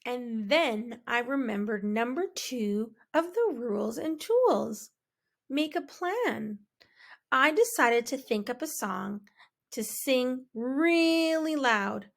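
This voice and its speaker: A woman reading a children's picture book aloud in a slow, expressive, dramatic way. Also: fairly high pitch, creaky. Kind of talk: storybook read-aloud.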